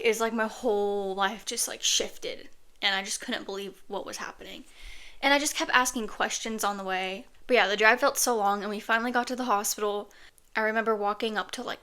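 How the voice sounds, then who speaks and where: A woman's voice: mid-range voice, fairly bright tone. A woman casually telling a personal story on her podcast, chatty and earnest, with lots of "like" fillers.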